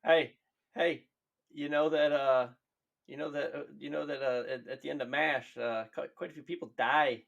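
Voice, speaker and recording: A man's voice: on the high side, fairly even intonation, moderate pace, creaky, a bit bright, highs cut off. A man co-hosting a casual podcast, joking around and laughing a lot. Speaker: podcast co-host. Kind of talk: casual chat.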